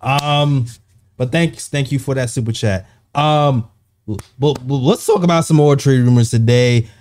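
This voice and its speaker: Dude hosting a hoops show, rambles along, laughs a lot. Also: male voice, mid-range voice, darkish tone. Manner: loose, rambling, quick to laugh. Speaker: podcast host. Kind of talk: casual basketball chat.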